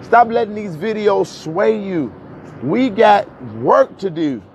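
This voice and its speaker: A man hosting a casual live stream to his viewers, talking in while walking uphill, a bit out of breath, animated, repeating himself and laughing often. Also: high-pitched, slow pace. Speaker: livestream host. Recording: dull lo-fi phone audio with faint street noise.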